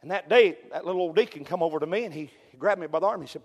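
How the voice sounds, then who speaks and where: Preacher guy, high voice, lots of amens, gets shouty, echoey church. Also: racing, hardly any pauses, slightly rough. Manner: folksy storytelling, peppered with amen, rising to shouts. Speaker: pastor. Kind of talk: sermon. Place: church sanctuary.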